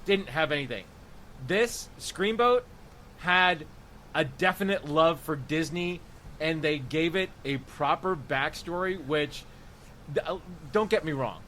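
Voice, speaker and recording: A man's voice: fairly high pitch, measured pace, fairly bright tone, a little hiss or hum. A man on a podcast in casual chat, enthusing about a film with rambling restarts. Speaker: podcast co-host.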